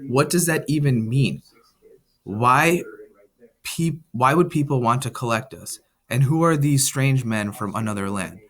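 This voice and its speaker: A man's voice: medium pitch, a little slow, fairly bright tone, pitched above the performer's own voice, lightly acted. A man voicing a worried young storyteller. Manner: anxious, questioning. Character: young storybook narrator, frightened and questioning.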